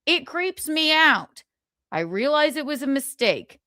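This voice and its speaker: A woman's voice: sits high, very animated, a little slow, pushed and bright, dry recording, clean studio sound. A woman hosting a gossip livestream, talking casually, swearing often and rambling sarcastically.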